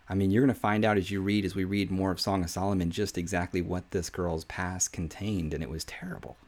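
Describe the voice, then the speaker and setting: A man with a very low voice gives an earnest Bible teaching on a podcast. He talks through scripture in a relaxed devotional way, and his voice falls to a soft hush for the quoted verses. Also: fairly quick, hardly any pauses.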